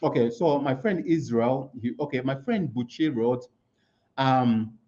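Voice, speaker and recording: Man, motivational talk, mellow voice, slightly high, emphatic, muffled lo-fi recording. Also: a little slow. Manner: asks rhetorical questions and answers them himself; emphatic, repeats key words. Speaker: motivational speaker at an online conference.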